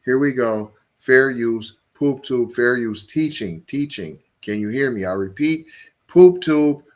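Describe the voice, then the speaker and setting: A man's voice: medium pitch, measured pace, a bit bright. A man hosting a solo podcast, talking emphatically, repeating words and stacking rhetorical questions. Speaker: podcast host.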